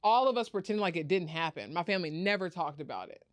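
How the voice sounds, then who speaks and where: Speaking fast in a voice on the low side, a young adult woman recounts her startup founder story in an interview. She's animated and acts out others' voices, and the studio sound is clean and echo-free.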